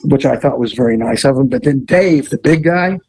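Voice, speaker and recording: Animated man telling police stories. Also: mid-range voice, brisk, a little hiss or hum, poor audio. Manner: animated, laughing and swearing freely. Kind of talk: casual anecdote telling.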